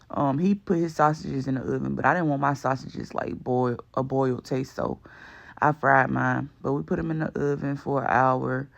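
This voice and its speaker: In a fairly high-pitched, gravelly voice, a cooking vlog host gives his video a casual, slangy narration that rambles with plenty of fillers. The audio sounds dull.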